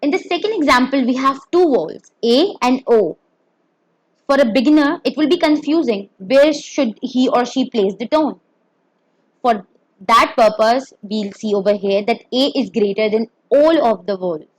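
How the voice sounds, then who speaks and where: A woman's voice: fairly high pitch, animated, moderate pace, dry recording, poor audio. A woman teaching a beginner Mandarin pinyin lesson, explaining carefully and demonstrating each tone.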